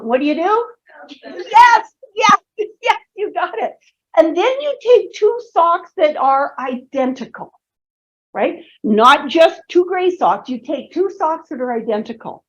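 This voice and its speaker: A woman in her sixties giving a humorous storytelling talk to students in a lecture hall, asking the audience questions as she goes. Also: extremely high pitch. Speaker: speaker presenting to students. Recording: dull lo-fi recording.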